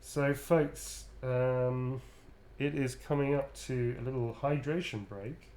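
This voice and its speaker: A male streamer chatting casually with his audience at an ordinary, mid-range pitch. He's laid-back and joking, and he swears freely. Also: fairly even intonation, slow, darkish tone. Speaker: streamer, host of a game stream. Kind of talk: casual live-stream chat.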